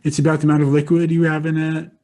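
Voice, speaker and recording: A man's voice: a little high, monotone, racing, a little mellow. A man co-hosting a podcast, explaining at length in a loose, rambling way. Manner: rambling, many fillers and restarts. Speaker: co-host on public affairs and baking. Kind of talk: casual chat.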